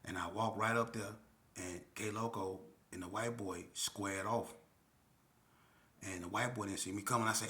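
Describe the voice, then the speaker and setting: A low-voiced man tells a story in loose, slangy street talk. He keeps checking in with the listener as he goes and speaks in a plain, unhurried way. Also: fairly even intonation, sharp tone. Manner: slangy, street talk with frequent "you know what I'm saying". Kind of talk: casual storytelling.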